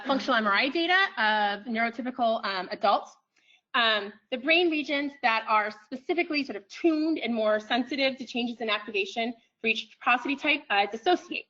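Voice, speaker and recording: A woman giving an academic lecture in a room, pausing often with ums and restarting her phrases. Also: a little high, bright, forceful tone, lo-fi sound. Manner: frequent ums, thoughtful restarts.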